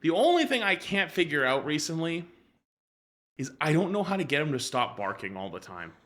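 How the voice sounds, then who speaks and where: A man's voice: a little high, big pitch swings, fairly quick, a bit bright. A male streamer in casual chat, rambling loosely and swearing offhandedly.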